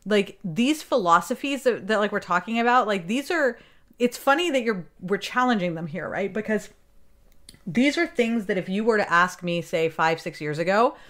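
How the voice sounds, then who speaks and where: A woman's voice: medium pitch, lively intonation, normal speed, fairly bright tone. A woman guest on a podcast speaking enthusiastically about business habits. She explains her points with vivid everyday metaphors and often restarts mid-sentence. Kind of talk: casual interview chat.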